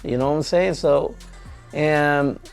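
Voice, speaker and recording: Gravelly man telling a trucking story. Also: fairly high pitch, takes it slowly, faint music behind. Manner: animated, acts out both sides of an argument. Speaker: truck driver trainer. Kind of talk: casual storytelling vlog.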